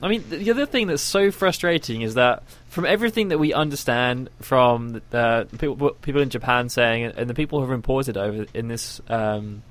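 A man's voice: medium pitch, normal speed, few pauses, a bit bright. A man hosting a podcast in casual chat, steering the talk and sounding mildly exasperated. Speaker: podcast host.

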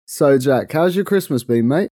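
A young London man at an ordinary middle pitch co-hosts a relaxed podcast of casual chat, speaking at normal speed. He's chatty and playful and often bursts into laughter, recorded dry and close with no room echo.

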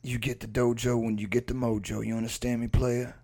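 A man impersonating a smug, mumbling middle-aged martial-arts action star in a slow, murmured tough-guy drawl. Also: medium pitch, flat delivery, mellow, close to an everyday voice.

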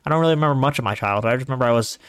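Racing along in a smooth, medium-pitched voice, a podcast host in his twenties rambles through a casual solo episode with animated storytelling. He's from Northeast Ohio, USA, and the studio-quality audio has no room sound.

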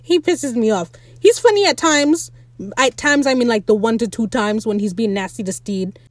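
A young woman gives an animated, blunt recap of a TV episode and laughs easily between her opinions. Her voice sits a little high, and the recording is dry and close, with no room sound. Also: normal speed, dry recording. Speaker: podcast host recapping a TV episode.

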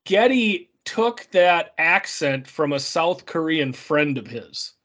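A man's voice: on the high side, animated, takes it slowly, fairly bright tone. A man co-hosting a casual movie discussion, explaining background with hesitant ums and restarts. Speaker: podcast co-host.

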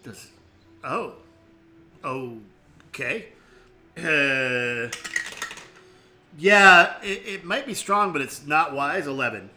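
A man's voice: on the high side, expressive, extremely slow, long pauses, pushed and bright, soft background music. A man running a tabletop game as dungeon master, describing the action with frequent restarts. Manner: hesitant, restarts often.

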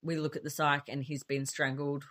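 A woman's voice: sits low, level tone, normal speed, a bit bright. A woman co-hosting a podcast, chatting casually about films, laughing often and swearing freely. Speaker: podcast co-host. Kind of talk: casual chat reviewing films.

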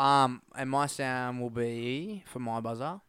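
A man's voice: medium pitch, measured pace, fairly bright tone, clean tone. A man co-hosting a casual podcast, joking and swearing as he plays along in a quiz. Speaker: podcast co-host, quiz contestant. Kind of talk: casual chat.

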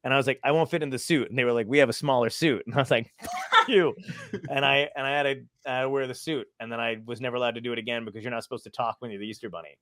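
A man who does stand-up comedy, telling stories in casual chat, animated and profane. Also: mid-range voice, very fast, hardly any pauses, no echo.

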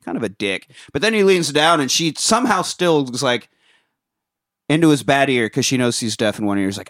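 A man casually recapping an old movie, swearing, laughing often and acting out the characters in quick voices. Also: mid-range voice, expressive, fairly bright tone, no echo, studio quality. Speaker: podcast host.

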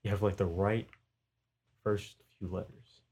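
A young man with a hoarse, sore throat, bantering casually and laughing often while playing a quote-guessing drinking game. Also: low voice, flat delivery, unhurried, a little mellow.

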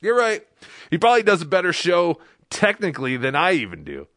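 A man's voice: high voice, huge pitch swings, fairly quick, fairly bright tone, dry recording, studio quality. A man hosting a live podcast, giving casual, wry commentary over a clip he plays. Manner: chatty, wry, lots of "like". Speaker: podcast host.

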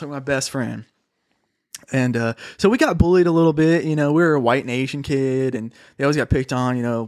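A man's voice: mid-range voice, no echo. A young man with a mid-range voice tells a story in loose, slangy chat. He swears freely and calls his listeners "dude" every few lines. The sound is dry and close. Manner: slangy, swears a lot, says "dude" often.

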